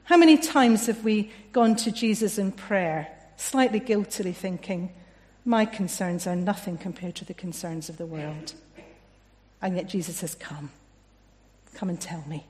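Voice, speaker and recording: A woman preaching a sermon in a gentle, reflective way, often dropping softly in volume. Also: medium pitch, moderate pace. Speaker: family and children's worker preaching. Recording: long echo of a hall.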